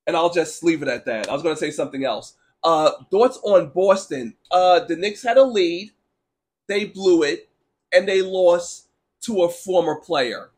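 A man with a notably high voice and a sore throat holds forth on sports, blunt and sarcastic. He talks slowly and deliberately, leaning on words for effect while answering his live chat. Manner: blunt, animated, sarcastic ranting. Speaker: sports talk show host. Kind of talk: casual opinionated sports talk, reading live chat.

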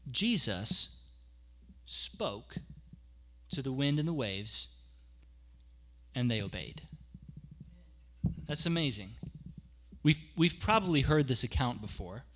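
A man delivers a sermon from the pulpit in an easygoing, explanatory way. His voice is bright and forceful at a middling pitch. He leans on repetition to drive points home. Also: very animated, slow pace, pauses often. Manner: conversational, explains with asides and repeats for emphasis. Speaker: pastor.

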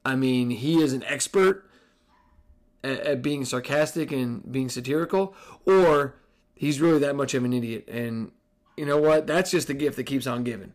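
A man hosting a casual sports podcast, talking in a sarcastic, profane and excitable way. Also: mid-range voice, moderate pace. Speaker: podcast host.

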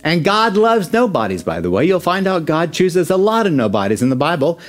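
Lively, animated male preacher. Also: fairly high pitch, brisk, faint music behind. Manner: animated preaching that acts out the scripture. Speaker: pastor. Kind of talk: sermon.

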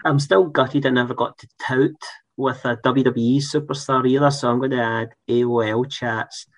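A man's voice: mid-range voice, fairly even intonation, normal speed. A man co-hosting a podcast, talking bluntly and enthusiastically with casual swearing. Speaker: podcast co-host.

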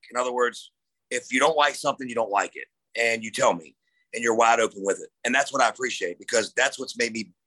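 A man hosting a casual podcast chat, telling an animated story and swearing as he acts out what others said. His voice is bright and forceful. The sound is close and dry. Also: medium pitch, no echo, rough recording. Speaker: podcast host and wrestling referee.

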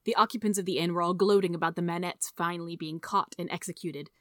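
Woman narrating a story, steady measured reading, dead dry sound. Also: fairly low pitch, dry recording. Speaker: audiobook reader.

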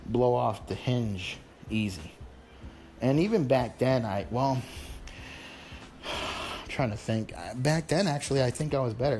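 A man's voice: mid-range voice, darkish tone, slight background noise. A man who works in customer service, telling a candid, rambling and self-deprecating story in casual talk.

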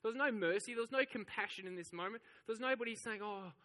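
In a large hall, a male pastor preaches a sermon in a high, bright, forceful voice at a quick pace. He tells the story with animation, acting out the voices of the crowd.

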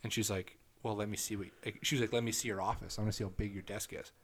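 A young man co-hosts a casual podcast, speaking at a racing pace with a breathy edge. He tells crude stories animatedly, swears a lot, and quotes texts in a lowered voice.

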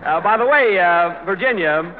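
A man's voice: sits high, expressive, normal speed. A man hosting a 1940s radio comedy, with hesitant stammers and dry comic timing. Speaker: comedy show host. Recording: hissy lo-fi old radio recording.

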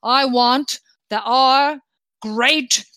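A woman's voice: sits high, extremely slow, bright, forceful tone, clear, resonant tone, no room sound, full character voice. A woman voicing a huge, jolly, blustering old male king who loves snacks, gushing and chuckling as he talks in a tabletop game.

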